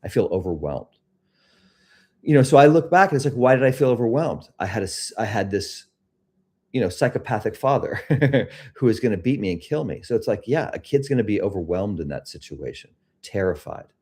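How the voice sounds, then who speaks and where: A middle-aged man hosting a live self-help talk, speaking reflectively about fear and then gently guiding listeners through a body meditation. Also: lowish voice, animated, a little fast, slightly rough. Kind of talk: casual talk leading a guided meditation.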